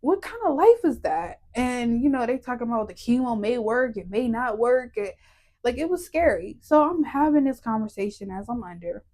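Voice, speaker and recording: Woman guest, higher-pitched voice, animated emotional storyteller, laughs through the hard parts, podcast testimony. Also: normal speed. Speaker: guest telling her testimony. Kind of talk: personal testimony in a podcast interview.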